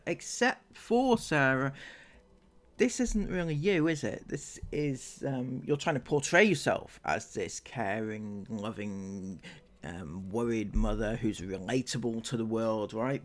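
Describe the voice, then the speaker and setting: Sarcastic man mocking a vlogger. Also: mid-range voice. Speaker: commentary channel host. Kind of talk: sarcastic commentary over clips.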